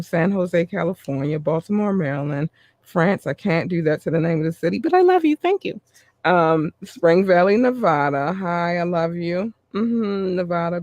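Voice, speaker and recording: A man hosting a podcast, reading listener shout-outs in a chatty way with running asides. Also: fairly high pitch, no room sound. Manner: warm, chatty, reads a list with asides. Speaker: podcast host.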